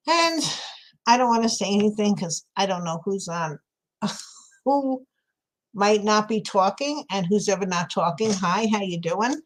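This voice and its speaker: A woman with a New York accent, chatting casually with viewers while crafting, laughing often. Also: medium pitch. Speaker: craft livestream host.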